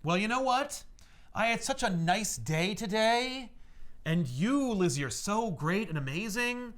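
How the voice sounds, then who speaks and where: A man voicing a kindly older male butler who speaks slowly and tenderly, retelling a comic scene. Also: sits high, expressive, voice pushed up.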